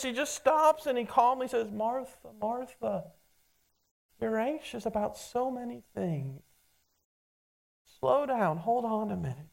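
A preacher giving a conversational sermon, calling listeners "friend" and often restarting words mid-sentence. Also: mid-range voice. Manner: addresses listeners as friend, frequent stammered restarts.

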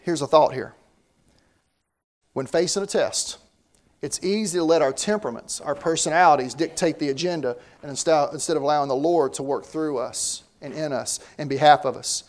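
High-voiced man preaching conversationally. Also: moderate pace. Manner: conversational preaching with frequent word repeats. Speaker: pastor. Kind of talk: sermon.

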